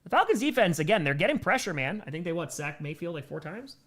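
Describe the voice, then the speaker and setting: Young male livestream commentator, bright and forceful tone, relaxed chat mixed with excited calls. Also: a little high, fast. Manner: casual, answers viewer chat between plays, bursts of excitement on big plays. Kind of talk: live play-by-play and chat reactions.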